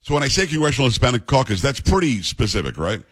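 A man's voice: medium pitch, big pitch swings, fast, fairly bright tone, breathy edge. A male radio talk show host in casual, wry banter, mocking the clips he plays.

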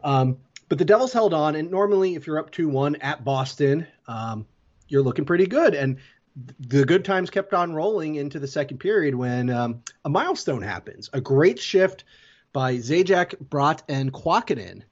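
A man's voice: fairly high pitch, animated, normal speed, lo-fi sound. A man casually recapping a hockey game as a podcast co-host, telling the plays step by step with fillers. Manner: play-by-play storytelling with fillers.

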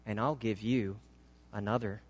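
A man voicing a gentle, compassionate ragman who speaks softly and with quiet authority. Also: fairly low pitch, fairly even intonation, drawn-out words, voice pushed down. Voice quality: soft, hushed. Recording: long hall reverb.

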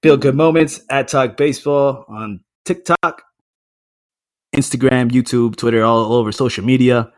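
A man hosting a podcast, wrapping up with excitable, upbeat patter. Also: mid-range voice, moderate pace, no room sound, studio quality. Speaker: podcast host. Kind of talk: casual podcast chat.

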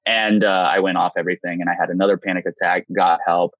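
Speaking quickly in a low-pitched voice, a thirty-something interview guest recounts an honest personal story and animatedly voices the people he quotes. The sound is narrow and tinny, with no echo.

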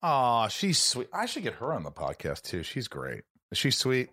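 A man's voice: medium pitch, wildly swooping pitch, moderate pace, sharp tone. A man hosting a podcast, asking curious, teasing questions in casual chat. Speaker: podcast host.

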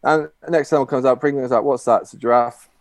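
A man's voice: mid-range voice, fairly even intonation, quick pace, no echo. Rambling man telling a long joke. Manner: rambling with many fillers and restarts. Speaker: guest.

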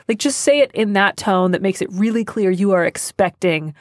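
Woman hosting an advice podcast, brisk and chatty, dry sound. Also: mid-range voice, dry recording. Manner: brisk, chatty, acts out sample requests. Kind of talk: casual advice chat.

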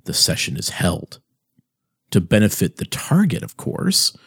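A man delivering a heated, sarcastic political monologue as host, with sharp emphatic swings in his voice. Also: low-pitched, wildly swooping pitch, a little slow, slightly rough, no room sound, studio quality.

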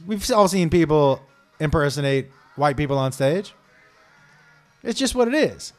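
A man with a fairly high voice tells a rambling comic story. He is animated and keeps breaking off into tangents and impressions. Soft music plays underneath. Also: unhurried. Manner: animated, jumping into digressions and voices.

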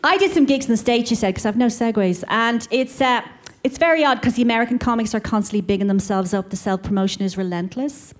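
A woman's voice: a little high, fast, hardly any pauses. A woman performing a stand-up routine on a comedy club stage, sardonic, with her bits building into mock rants. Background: audience laughter.

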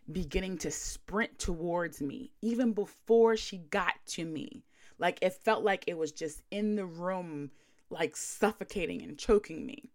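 A woman hosting a podcast, telling a story in a chatty, slangy way with lots of fillers and a blunt, wry edge. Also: medium pitch. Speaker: podcast host. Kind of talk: casual storytelling.

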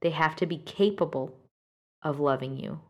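A woman with a low voice delivers frank, directive advice to a listener. She talks in an earnest, unscripted way, full of "um"s and restarts. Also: normal speed, dull audio. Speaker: advice podcast host.

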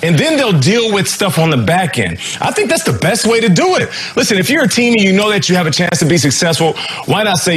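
A man giving animated football analysis on a TV show, emphatic and persuasive. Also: sits high. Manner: emphatic, persuasive, quick bursts. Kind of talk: animated sports TV commentary.

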